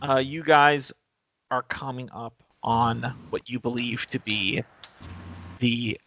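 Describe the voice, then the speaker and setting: A man's voice: mid-range voice, fairly even intonation, takes it slowly, bright, forceful tone, a little hiss or hum. A man acting as game master, talking casually and jokily and swearing offhand as he runs a tabletop game. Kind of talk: running a tabletop game over voice chat.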